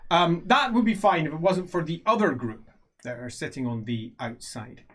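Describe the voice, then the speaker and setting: A man's voice: a little high, expressive, a bit bright. Man narrating as game master. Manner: descriptive, unhurried with fillers.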